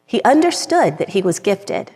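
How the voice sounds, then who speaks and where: A woman's voice: mid-range voice, big pitch swings, moderate pace, mellow, slightly rough, soft background music. A middle-aged woman giving an earnest personal talk from a script to a live audience. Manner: earnest, reads from a script, gets emotional at times. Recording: long reverb of a large hall.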